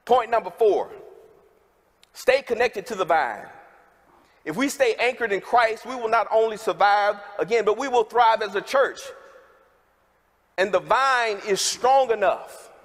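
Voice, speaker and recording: In a big worship hall, a man with a notably high voice delivers a folksy, direct sermon, calling out to the people in the pews. He's animated but a little slow, pausing often, with a fairly bright tone. A long reverb follows his words around the room.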